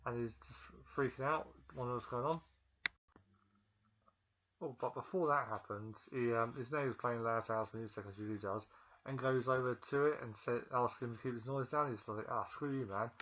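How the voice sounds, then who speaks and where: A man talks through a film's plot in a loose, rambling way, full of ums and self-corrections. He is feeling ill. His voice sits in a middle pitch, and the recording sounds dull and lo-fi. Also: fairly even intonation, moderate pace, a bit bright. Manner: rambling, with many ums and restarts. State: feeling ill, pausing to cough. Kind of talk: casual film recap.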